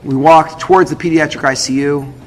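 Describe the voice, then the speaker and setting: A man's voice: fairly high pitch, fairly even intonation, fairly quick. A man, a rabbi, telling a personal story to an audience with lots of feeling. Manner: emotional storytelling, acts out others' lines. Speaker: rabbi and speaker. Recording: echoey hall with faint noise.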